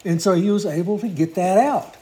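Man, preacher, sermon storytelling, high-pitched, warm mellow tone, earnest. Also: poor audio. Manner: earnest, unhurried storytelling with small restarts.

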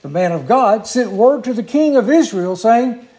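A man preaching a sermon, telling a story in an earnest, unhurried way with small restarts. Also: high voice, lively intonation, mellow, rough recording.

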